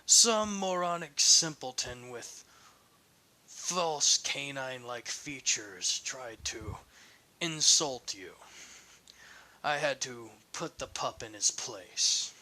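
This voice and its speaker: A man's voice: medium pitch, animated, takes it slowly, sharp tone, exaggerated voice, low-quality recording. A man voicing a formal, courtly young armored warrior in a fan-made audio story, polite in an old-fashioned way.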